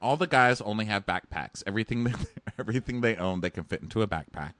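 A man with a fairly low voice co-hosts a casual chat and keeps up a stream of snarky, mocking jokes. The sound is close and dry, with no room around it. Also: lively intonation, fast talker, a bit bright, dry recording. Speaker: podcast co-host.

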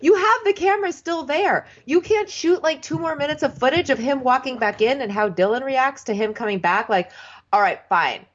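A woman's voice: sits high, a little fast, hardly any pauses. Blunt swearing woman, dull sound. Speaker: podcast co-host. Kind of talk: casual recap chat.

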